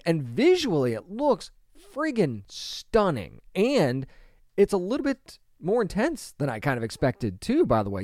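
A man's voice: on the high side, a little mellow, no room sound, studio quality. A man in his thirties or forties talking casually and emphatically to camera, asking rhetorical questions and restarting his sentences as he works through his opinion. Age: adult; grew up with a 1990s animated series, so 30s or 40s. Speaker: online movie commentator.

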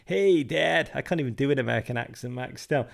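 A man's voice: mid-range voice, fairly even intonation, rapid-fire, vocal fry. A middle-aged English man, a guest author talking in a casual interview, emphatic and wry.

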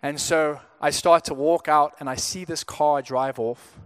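This young Zimbabwean pastor's voice sits a little high, smooth and fairly even in intonation, moving at a slightly slow pace. He relates a personal story in a chatty sermon, frequently stumbling and starting his sentences over.

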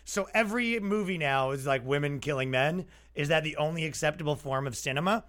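Brief: man, comedy podcast host, high voice, sarcastic rant, acts out both sides. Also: fairly quick, fairly bright tone. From Canada. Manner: sarcastic, mocking, acts out imagined dialogue.

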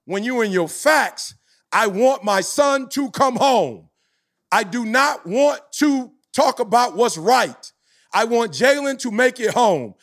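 A high-voiced man in his forties holds forth on a podcast like a motivational preacher. His delivery is emphatic and rhythmic, often swelling into near-shouts to hammer a point home. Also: expressive, takes it slowly. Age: 40s. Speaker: motivational speaker, podcast host. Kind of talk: passionate podcast talk.

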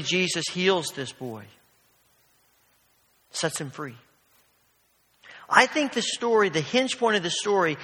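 Bright-voiced man preaching in a reverberant hall. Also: high voice. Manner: storytelling, conversational, many asides. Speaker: pastor. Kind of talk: sermon. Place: church sanctuary.

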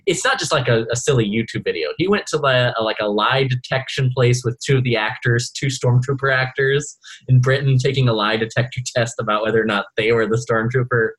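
A man co-hosting a podcast in loose, casual chat. His voice is husky and slightly breathy. He rambles, doubling back on himself with plenty of fillers. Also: mid-range voice, fairly quick, a bit bright, rough recording. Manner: rambling, many fillers and restarts. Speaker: podcast co-host.

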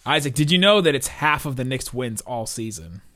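A man co-hosting a casual sports podcast, rambling and animated, laughing often. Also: mid-range voice, a little fast, no echo, studio quality. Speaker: podcast co-host.

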